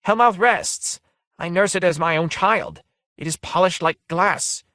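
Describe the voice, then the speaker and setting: A man's voice: sits high, measured pace, pushed and bright, no room sound, studio quality, pitched above the performer's own voice. A man reading aloud, voicing an anxious male servant who protests fussily about his machine. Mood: pleading. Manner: protesting, fussy.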